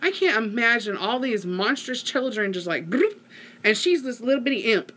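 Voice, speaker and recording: Middle-aged woman vlogger, chatty and rambling, bright tone. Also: fairly high pitch, lively intonation, normal speed. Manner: rambling storytelling with many fillers. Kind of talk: casual chat to viewers.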